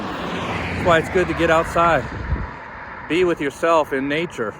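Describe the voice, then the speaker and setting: A man's voice: on the high side, measured pace. A man hosting a motivational walking vlog, talking upbeat while walking and jogging on an outdoor trail. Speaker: fitness and mindset vlogger. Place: outdoor trail beside a busy road. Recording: clear traffic noise outdoors. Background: traffic noise.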